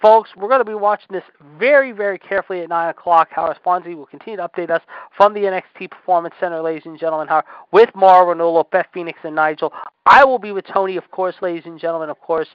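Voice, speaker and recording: A man in his forties doing excitable mock wrestling commentary, full of announcer filler phrases. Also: high voice, fast, clear, resonant tone, no echo, muffled recording. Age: 40s. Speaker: play-by-play commentator.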